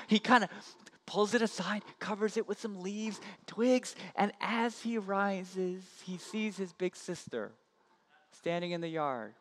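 A man preaching a sermon as a pastor, telling a story in an animated way. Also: high voice, a little slow. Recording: long church-hall reverb.

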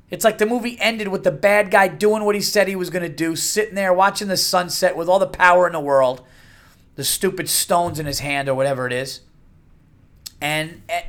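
A man's voice: high voice, a bit bright. A middle-aged man hosting a casual solo podcast, talking bluntly and profanely and rambling through restarts. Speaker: podcast host.

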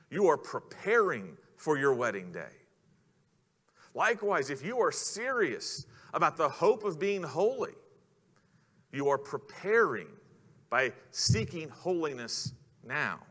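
A man's voice: on the high side, big pitch swings, unhurried, fairly bright tone. A man preaching a sermon in an earnest way, putting questions to the congregation. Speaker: pastor. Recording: long hall reverb.

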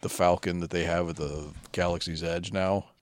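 Podcast co-host, man, very low voice, deadpan and profane, dry close mic. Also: normal speed, no echo. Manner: laid-back, profane, deadpan asides. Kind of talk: casual chat.

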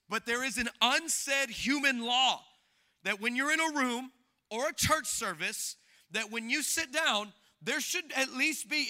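A pastor delivers a comic sermon, telling his story with lots of energy and jokes. His voice sits very high and sounds strikingly bright and sharp. He acts out the people in the story, going loud and then soft. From Hispanic background. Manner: animated, jokey, acts out quoted people with big shifts in loudness.

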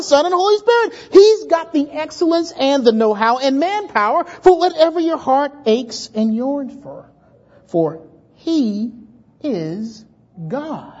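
Male pastor, animated sermon delivery, restarts words, acts out story voices; dull lo-fi recording. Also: very high voice.

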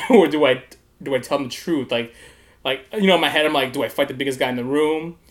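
A man tells a long story in casual conversation and laughs through it. He acts out the voices of the people in it. His pitch sits in a middle range. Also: fast. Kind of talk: casual chat.

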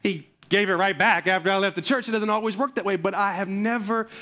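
A man preaching a sermon as pastor, telling a story and talking to his congregation in an animated way. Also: sits high, quick pace. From Memphis, USA.

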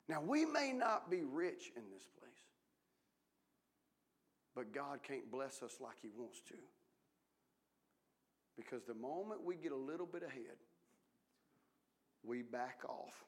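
A man preaching a sermon as pastor, telling folksy stories and swinging between hushed whispers and loud shouting. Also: mid-range voice, very animated, a little slow, long pauses. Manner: folksy storytelling.

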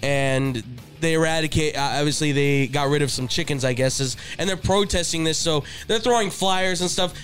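A man co-hosting a casual sports podcast, rambling and animated, laughing often. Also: high-pitched, fairly quick, faint music behind. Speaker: podcast co-host.

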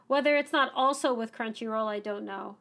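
A woman's voice: on the high side, creaky, fairly bright tone. A woman co-hosting a podcast, chatting casually and ranting enthusiastically. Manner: enthusiastic, ranting, fast-moving. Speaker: podcast co-host.

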